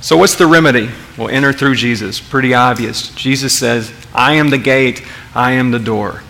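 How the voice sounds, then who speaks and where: A man's voice: mid-range voice, normal speed, gravelly, pushed and bright, a little hiss or hum. A man preaching a sermon as pastor, emphatic, asking the congregation rhetorical questions and often repeating words as he restarts.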